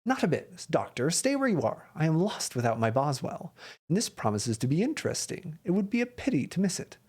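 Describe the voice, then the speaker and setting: A man reading aloud, voicing a brisk, sharp-witted gentleman detective in a raised, eager tone. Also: very animated, breathy edge. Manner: quick, eager and commanding, pitched higher.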